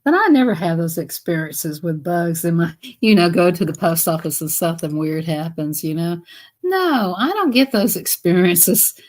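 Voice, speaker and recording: A woman's voice: fairly low pitch, animated, normal speed. Chatty woman laughing through her stories. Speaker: live streamer. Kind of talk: casual storytelling chat.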